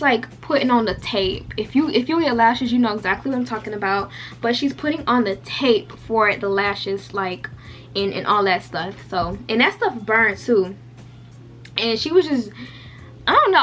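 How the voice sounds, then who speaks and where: Young woman beauty vlogger, casual storytime, higher-pitched, talky and frank. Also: a bit bright. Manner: chatty, lots of "like" fillers, candid and profane.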